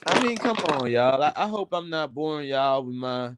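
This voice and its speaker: A man's voice: a little high, normal speed, noisy background. A man in his twenties speaking in a casual, rambling storytelling way. He swears freely as he talks. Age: 20s. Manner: wordy, digressive, swears freely. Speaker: panel speaker.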